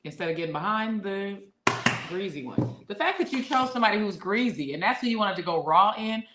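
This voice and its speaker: A woman co-hosting a casual podcast, reading listener comments aloud and reacting with quick jokes. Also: medium pitch, lively intonation, heavy background noise. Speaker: podcast co-host. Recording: roomy echo.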